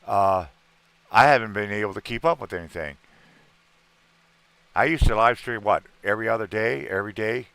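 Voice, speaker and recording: A man's voice: on the low side, normal speed, pauses often, fairly bright tone, no echo. A middle-aged man hosting a casual livestream chat, talking in a rambling, earnest way and repeating himself. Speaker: livestream host.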